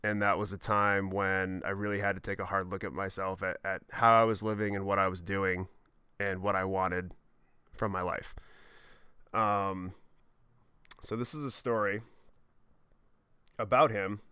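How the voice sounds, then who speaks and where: A man's voice: deep voice, steady tone, unhurried, pauses often, sharp tone, smooth, no room sound, studio quality. A young man hosting a podcast, telling a story from his childhood in a rambling, self-deprecating way, with lots of fillers, sidetracks and casual swearing. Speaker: podcast host.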